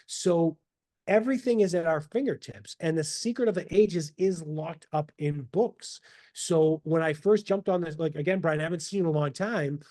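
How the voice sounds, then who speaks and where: A man speaking as a podcast guest in casual interview talk, animated and motivational, over a video call. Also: on the high side, moderate pace. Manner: animated, motivational, quotes himself in asides.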